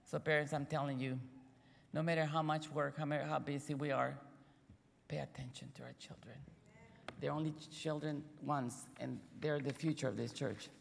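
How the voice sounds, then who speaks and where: A middle-aged woman, a Sabbath school teacher, telling earnest stories to a congregation with halting restarts. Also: sits low, fairly even intonation, gravelly, a little hiss or hum. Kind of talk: sermon-style storytelling. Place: church hall. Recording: long reverb in a church hall.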